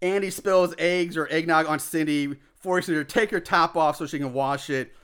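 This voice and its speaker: A man casually recapping a film plot as a podcast host, animated, acting out shouted lines and laughing often. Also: fairly high pitch, moderate pace, clear, resonant tone. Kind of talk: casual chat.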